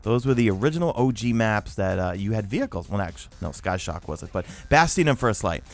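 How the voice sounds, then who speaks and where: Man, New York accent, lively swooping pitch, casual gaming Q&A host, quick filler-heavy talk. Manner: animated, fast-talking with many fillers. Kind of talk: casual Q&A chat.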